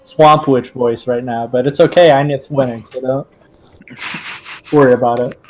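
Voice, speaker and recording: A man as game master of a tabletop game, talking casually, cursing freely and filling pauses with "uh" and "um". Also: mid-range voice, fairly even intonation, darkish tone, a little hiss or hum, low-quality recording. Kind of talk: running a tabletop game over voice chat.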